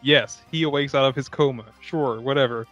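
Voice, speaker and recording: A man's voice: medium pitch, brisk, a bit bright, dull audio, soft background music. A young man co-hosting a podcast, chatting casually about a movie in a jokey, sarcastic way and slipping into mocking impressions. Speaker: podcast co-host. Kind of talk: casual movie-riffing chat.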